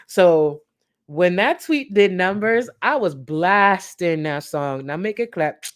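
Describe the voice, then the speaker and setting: Blunt, profane woman streamer. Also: on the low side. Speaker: commentary streamer. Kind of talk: casual live-stream commentary.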